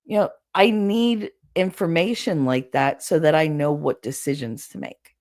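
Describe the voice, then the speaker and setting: A woman's voice: deep voice, a little mellow. A woman hosting a livestream, talking casually and candidly with her chat, rambling and swearing now and then. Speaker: livestream host.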